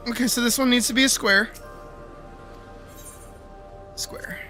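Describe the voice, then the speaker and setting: High, bright-voiced cursing game streamer. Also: male voice, steady tone, measured pace, soft background music. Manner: ranting, profane, yelling and laughing at the game. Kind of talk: live gameplay commentary.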